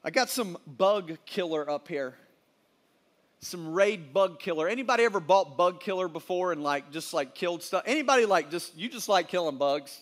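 A man, most likely a youth pastor, preaching a sermon in a casual, animated storytelling style full of slang. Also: high-pitched, normal speed.

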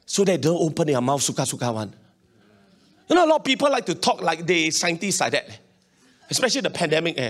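Speaking with a Singaporean English accent, this male pastor delivers a lively, informal sermon and calls for responses from the congregation. His pitch is fairly high and his pace is quick.

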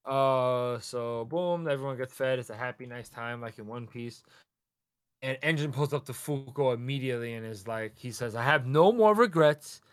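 Animated man retelling a story, dry mic. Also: medium pitch, normal speed, clean tone, dry recording. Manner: animated storyteller acting out characters with laughs. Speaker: podcast co-host. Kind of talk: casual chat recapping a manga chapter.

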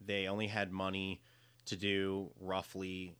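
A man co-hosting a podcast, chatting casually and playfully, defending a movie with deadpan jokes. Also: low voice, a little slow, clean tone. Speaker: podcast co-host.

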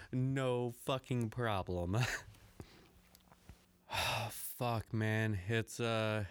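A man's voice: on the low side, clean tone, dry recording. A man hosting his own podcast in a casual, profane, rambling solo rant, talking straight to his listeners and laughing often. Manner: blunt and conversational, addresses listeners directly. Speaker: podcast host.

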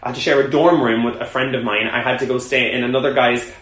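A man co-hosting a podcast, telling a story at a table with two co-hosts in an animated, laughing way. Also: mid-range voice, fast talker. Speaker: podcast co-host. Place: room shared with two co-hosts around a table. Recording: echoey room.

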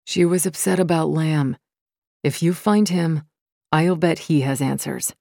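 A woman voicing a defensive young man who pleads quickly in his own defense. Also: sits low, fairly even intonation, vocal fry, warm tone, dry recording, clean studio sound, full character voice. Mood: dismissive.

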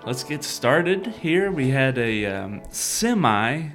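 A man's voice: mid-range voice, sing-song, slow, a bit bright, soft background music. A man co-hosting a church podcast, chatting casually and laughing often. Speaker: podcast co-host. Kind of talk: casual chat.

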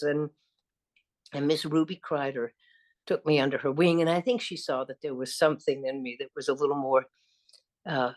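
An older actress from the American South with a faint Southern accent, telling rambling stories with frequent laughter in an interview. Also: female voice, low voice. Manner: warm, rambling, self-deprecating, laughs often. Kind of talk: casual storytelling interview.

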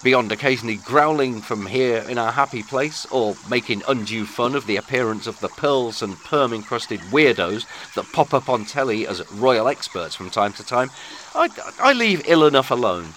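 A man's voice: medium pitch, lively intonation, moderate pace, a bit bright, a little hiss or hum. A man with a British accent, hosting a podcast with a florid, sardonic scripted monologue. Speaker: podcast host.

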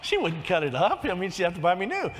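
Very high-voiced older male preacher. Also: wildly swooping pitch, quick pace, a little hiss or hum. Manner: storytelling, swings from soft to shouted emphasis. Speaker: pastor. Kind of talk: sermon. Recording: long hall reverb.

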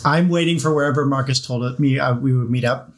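A man playing a tabletop role-playing game, animated, laughing and swearing as he plays his cleric. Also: medium pitch, quick pace. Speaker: player. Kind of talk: casual tabletop role-play.

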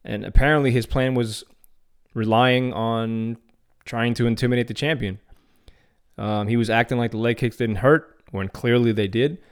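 Smooth-voiced man giving casual MMA talk. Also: medium pitch, steady tone, normal speed. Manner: casual, opinionated, some restarts. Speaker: podcast host. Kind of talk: solo MMA news commentary.

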